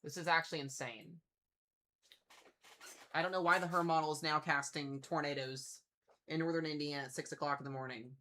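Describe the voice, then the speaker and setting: A man's voice: on the high side, fairly even intonation, brisk, long pauses, bright, forceful tone, a little hiss or hum. A man hosting a casual weather livestream, chatting and thinking aloud as he waits for new forecast data to load. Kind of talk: casual live-stream weather commentary.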